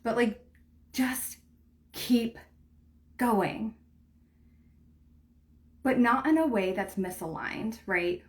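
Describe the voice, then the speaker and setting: Casting note: a woman with a slightly high voice, warm and earnest, giving spiritual coaching on a live stream and peppering her talk with "like.". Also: drawn-out words, pauses often. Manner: earnest, heartfelt, leans heavily on "like" and "right?"; speaks direct encouragement to the viewer. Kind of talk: motivational livestream talk.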